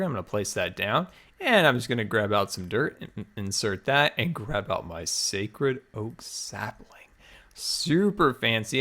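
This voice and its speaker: A man's voice: medium pitch, a bit bright. A man hosting a building-game video, chatting upbeat and thinking aloud as he plays, a little out of breath. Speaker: host. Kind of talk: Minecraft let's play commentary.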